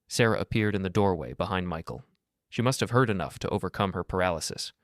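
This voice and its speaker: A male narrator with a low, deep voice reads a scripted drama story in a measured, dramatic way. The sound is close and dry. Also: no room sound.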